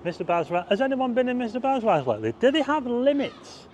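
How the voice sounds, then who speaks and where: A man's voice: extremely high pitch, sing-song, quick pace, a little mellow, highs cut off, a little hiss or hum. A man giving a chatty, rambling walking-tour commentary outdoors at night, pointing things out to his viewers. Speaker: vlogger. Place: outdoors, car park roof and town streets at night.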